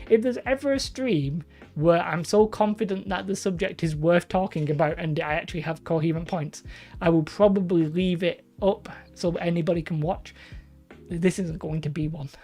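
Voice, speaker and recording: A woman's voice: lowish voice, dark tone. A woman hosting a live stream, chatting casually and rambling as she reads out viewers' comments. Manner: rambling, chatty, self-deprecating.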